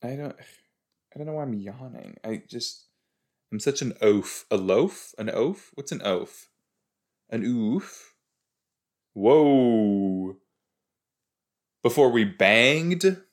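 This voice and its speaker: A man's voice: mid-range voice, animated, slow pace. A man hosting a podcast, reacting casually to a TV episode, chatty and rambling, often cutting himself off with exclamations. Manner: chatty, rambling, exclaiming with frequent self-interruptions.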